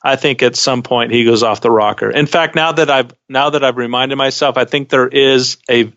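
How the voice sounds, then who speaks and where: A man co-hosting a podcast in casual chat, measured and wry, often restarting his sentences. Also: mid-range voice, steady tone, a bit bright. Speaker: podcast co-host. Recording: dull lo-fi sound.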